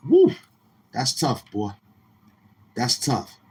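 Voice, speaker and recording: A man's voice: mid-range voice, wildly swooping pitch, very slow, warm tone, husky, rough recording. A man hosting a casual livestream, talking in brash, heckling, slang-heavy banter. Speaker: live-stream host.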